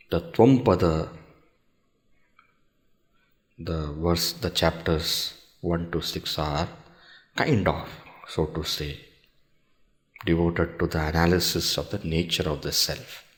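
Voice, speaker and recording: Slow, deep-voiced man teaching scripture. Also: steady tone. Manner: slow, measured explaining with pauses and rhetorical questions; recites Sanskrit verses. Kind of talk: scripture discourse.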